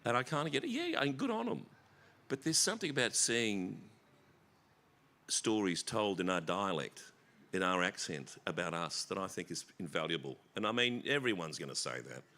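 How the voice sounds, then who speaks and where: A middle-aged Australian man speaking as a guest in an onstage conversation, animated and self-deprecating, often stammering and restarting. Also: sits low, normal speed. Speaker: festival guest actor. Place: festival stage.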